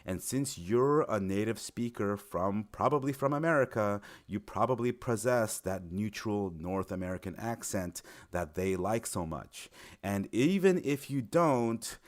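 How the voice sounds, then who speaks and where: A young man giving an informal explainer video, friendly and encouraging, lifting his voice on key words. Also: lowish voice. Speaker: recruiter explaining teaching in China.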